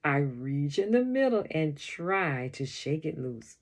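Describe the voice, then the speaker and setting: A woman reading a children's chapter book aloud in the first person, with expressive storytelling. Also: low voice, slow pace. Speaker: storybook reader.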